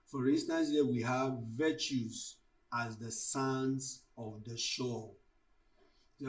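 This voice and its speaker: A male tutor gives a slow, measured lecture and walks through each example step by step. His voice sits at an ordinary middle pitch. It sounds a little distant, as if he is standing some way back from the microphone. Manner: deliberate, explains terms with worked examples. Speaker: literature tutor. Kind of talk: exam-prep lecture.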